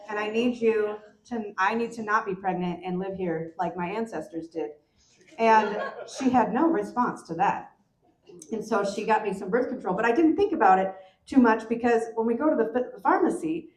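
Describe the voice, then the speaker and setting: High-voiced woman doing stand-up. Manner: animated storytelling with voiced quotes. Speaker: comedian. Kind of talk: stand-up comedy with song. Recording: echoey stage with music.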